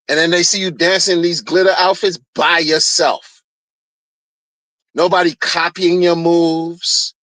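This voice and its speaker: A streamer with a high-sitting, fairly bright voice rants casually, heated and mocking, and keeps repeating phrases to hammer his point home. The recording is dry and the audio quality is poor.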